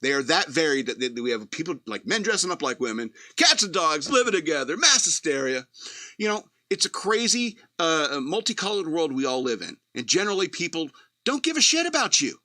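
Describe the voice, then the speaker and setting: A male talk radio host reads news items aloud and breaks off into blunt, profane commentary. His manner is sardonic, and he chuckles at his own jokes. His voice is forceful and bright, recorded dry and close. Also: fairly high pitch, big pitch swings, a little fast, dry recording.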